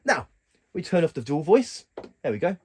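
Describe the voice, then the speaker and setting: A man with a slightly high, sing-song voice casually shows how a keyboard works, stumbling and stopping to correct himself mid-sentence. Loud keyboard music from his demonstration sits over his voice.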